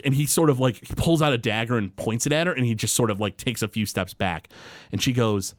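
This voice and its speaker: A man's voice: mid-range voice, a little fast, no room sound. A man narrating as game master of a tabletop game in a casual, rambling way with many fillers.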